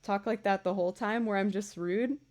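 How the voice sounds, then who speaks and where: A woman musician chatting casually with viewers on a livestream, bubbly and quick to thank them. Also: medium pitch, fairly even intonation, darkish tone. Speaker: musician streamer.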